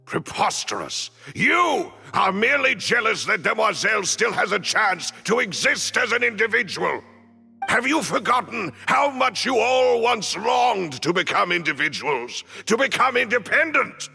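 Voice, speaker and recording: A man's voice: on the high side, very animated, a little slow, gravelly, bright, forceful tone, big-room sound, soft background music, exaggerated voice. An actor playing a loyal, formal male butler who defends his lady in a game, speaking with indignation. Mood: indignant.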